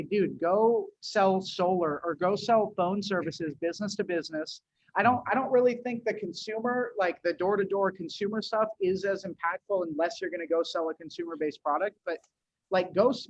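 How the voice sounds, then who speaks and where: A New England agency owner, guesting on a podcast, talks casually at a quick pace in a high voice, loose and slangy, calling people "dude" and restarting sentences. The lo-fi audio is dull and dry, with no room sound.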